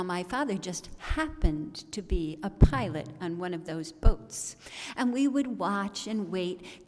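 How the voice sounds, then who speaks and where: A woman storyteller giving a comic, theatrical telling at a service in a large worship hall. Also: medium pitch. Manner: theatrical, comic, expressive delivery. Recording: long reverb of a large hall.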